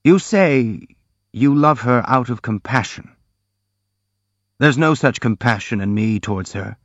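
A man's voice: mid-range voice, animated, a little slow, no echo. A man reading the part of a brooding, jealous young man in an audiobook, in an intense, bitter, confiding way, recorded dry and slightly dull.

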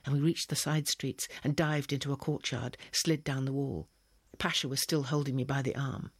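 A man reading a first-person story as a narrator, measured and expressive. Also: medium pitch, breathy edge, no room sound, studio quality. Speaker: audiobook reader.

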